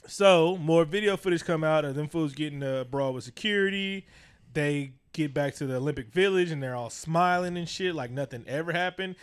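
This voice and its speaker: A man, co-hosting a casual podcast and ranting with heavy profanity. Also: on the high side. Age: 30s. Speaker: podcast co-host. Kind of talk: casual chat.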